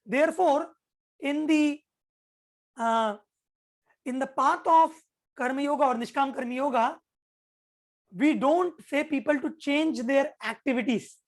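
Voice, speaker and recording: A woman teaching scripture as a spiritual teacher, speaking earnestly and repeating key phrases for emphasis. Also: sits high. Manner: chants Sanskrit verse slowly. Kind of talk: explaining scripture to an audience.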